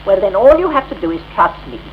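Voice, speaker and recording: Woman doing a prim female voice teacher, crisp diction, very sing-song pitch, dull hissy old radio tape. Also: very animated, fast, lightly acted. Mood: instructive. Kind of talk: 1960s radio drama. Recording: dull, lightly hissy 1960s off-air tape.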